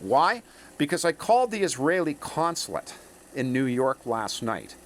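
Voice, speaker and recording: A man talks straight to his viewers in a long, rambling monologue. He is emphatic, keeps tossing in "okay?" and "eh?", and his pitch swings up and down with animation. A faint hum of noise sits behind him. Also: a bit bright. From Canada.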